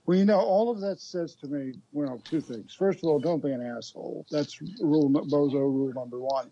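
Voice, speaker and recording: A man in a casual political chat, earnest and reflective, with a halting way of talking. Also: on the high side, dark tone, lo-fi sound, slight background noise.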